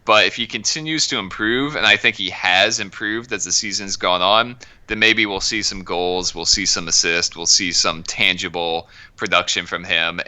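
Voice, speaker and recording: Man, low voice, crisp, analytical podcast talk. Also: bright, forceful tone. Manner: measured, analytical. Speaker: soccer analyst. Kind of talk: podcast discussion.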